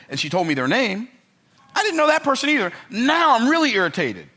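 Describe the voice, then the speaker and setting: Forceful, bright-voiced older male speaker. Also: high voice, wildly swooping pitch, fast talker. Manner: emphatic, repetitive storytelling with rhetorical check-ins. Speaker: motivational speaker. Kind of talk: motivational speech to a live audience.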